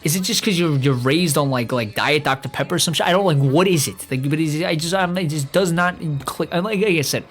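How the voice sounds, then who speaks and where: A man's voice: fairly high pitch, fast talker, hardly any pauses, a bit bright, soft background music. A young man hosting a podcast, ranting in a rambling, profane way with lots of stammering restarts. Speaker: podcast host. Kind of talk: casual rant.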